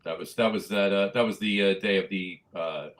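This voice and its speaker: A man's voice: deep voice, steady tone, brisk, slight background noise. A man co-hosting a podcast, chatting casually and reading out listener comments. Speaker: podcast co-host.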